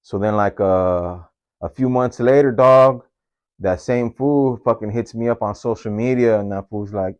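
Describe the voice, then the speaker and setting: A man's voice: on the low side, measured pace, a little mellow, clean tone, highs cut off. A man, casually telling a personal story in street slang, tagging his phrases with homie, dog and fool.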